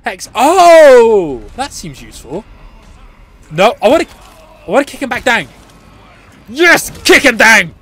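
Brief: man, very high voice with big swings, excitable let's play host, yells and curses, laughs a lot. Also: measured pace, long pauses. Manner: excitable, yelling and swearing at the game; chatty asides to viewers, frequent laughter. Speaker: gaming channel host.

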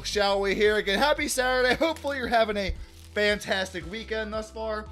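A man hosting a casual card-opening vlog, chatty and upbeat, shouting out big pulls and often restarting his sentences. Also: high voice, normal speed, soft background music. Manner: chatty, hypes big pulls loudly, self-correcting restarts. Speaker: card-opening channel host.

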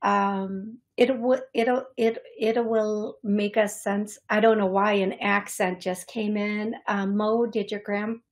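A young adult woman with a medium-pitched voice hosts a psychic medium live stream, relaying messages to viewers. Her delivery is halting and repetitive, packed with fillers.

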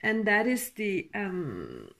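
A woman giving a tarot reading in a halting, emotional way, with sighs and soft laughs. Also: mid-range voice, huge pitch swings, vocal fry. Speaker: tarot reader.

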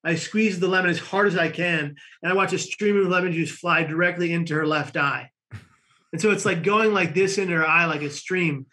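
A man from the United States tells a long story as a podcast guest, slipping into the voices of the people in it. His voice is fairly high and very bright, with a quick, animated delivery.

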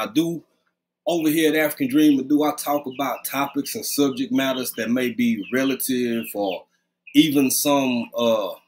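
A man's voice: mid-range voice, a little hiss or hum. A man hosting a casual live stream, greeting viewers by name in a loose, conversational way, talking close to his webcam at home. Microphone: webcam, leaning close.

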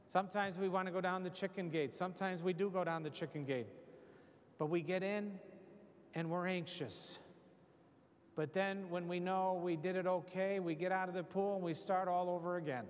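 A man giving a parish retreat talk, leading his listeners through an imagined scene with lively storytelling. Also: high voice, in a large hall. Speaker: retreat speaker. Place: church.

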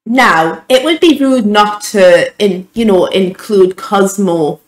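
A woman's voice: mid-range voice, slow, reverberant, poor audio. A young woman giving an emotional, gushing reaction to a film trailer, stumbling over her words as a YouTube vlogger. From United Kingdom.

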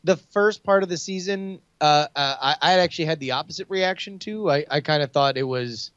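A man's voice: on the high side, a little fast, fairly bright tone, clean tone, no room sound, dull audio. A man co-hosting a podcast, talking casually in a hesitant, thoughtful way. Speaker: podcast co-host. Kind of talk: casual chat.

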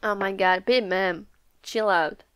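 A young woman hosting a live comic reaction video, excitable and laughing often, swearing freely. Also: mid-range voice, takes it slowly, smooth, no echo. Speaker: manga reaction video host.

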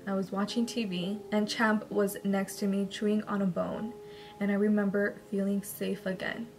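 A woman's voice: mid-range voice, little pitch movement, normal speed. A woman YouTuber reading viewer-sent paranormal stories aloud, breaking off into emotional, chatty asides with tearful laughter. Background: soft background music.

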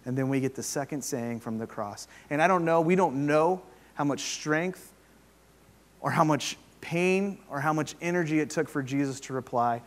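A man's voice: a little high, moderate pace. Male pastor preaching with dramatic swings. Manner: dynamic preaching, swings between loud emphasis and hushed tones. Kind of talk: sermon. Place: church sanctuary.

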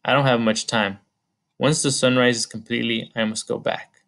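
A man reading the part of a sorrowful ancient female weeping spirit, gentle, solemn and pleading. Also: medium pitch, steady tone, moderate pace, vocal fry.

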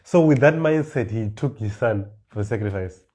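A man preaching a sermon, reading scripture verses slowly and then explaining them with rising emphasis and repeated words. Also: lowish voice, lively intonation, warm tone.

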